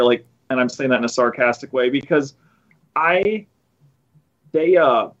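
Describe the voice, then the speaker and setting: A man's voice: a little high, animated, moderate pace, lo-fi sound. A man hosting a podcast, chatting casually and sarcastically with lots of restarts. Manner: rambling, many restarts, sarcastic asides. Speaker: podcast host. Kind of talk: casual chat.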